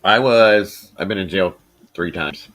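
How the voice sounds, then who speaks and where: A middle-aged man hosting a casual podcast, telling a rambling, profane story and getting animated when he quotes people. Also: deep voice, unhurried, soft background music. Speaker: podcast host.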